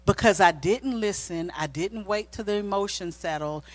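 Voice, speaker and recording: A woman's voice: medium pitch, moderate pace. A middle-aged woman co-hosting a church marriage talk, telling a personal story in a casual, sermon-like way and acting out the quoted dialogue. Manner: animated, acts out quoted dialogue. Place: church sanctuary.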